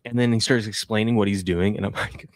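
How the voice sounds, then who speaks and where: A man in his thirties hosting a casual talk show, telling animated stories about his kids. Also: fairly low pitch, quick pace, dry recording, studio quality. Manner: animated storyteller, acts out a toddler's shrieks. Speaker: podcast host. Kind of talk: casual chat.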